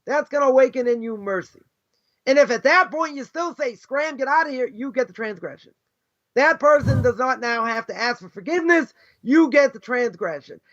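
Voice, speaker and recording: A man's voice: very high-pitched, lively intonation, normal speed, a bit bright. A middle-aged man from the United States, a rabbi teaching a casual, conversational lesson, full of rhetorical questions and "right?" and "you know". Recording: dull lo-fi recording.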